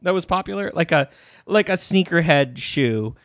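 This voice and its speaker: A man's voice: fairly high pitch, lively intonation, normal speed, a bit bright. A man co-hosting a podcast in casual chat, easygoing and often laughing. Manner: giggly, easygoing. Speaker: podcast co-host.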